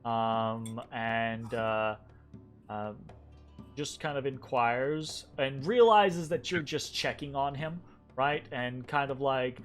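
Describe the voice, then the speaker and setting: A man narrating a tabletop game as game master, halting and full of fillers. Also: mid-range voice, steady tone, soft background music. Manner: halting, many fillers and restarts.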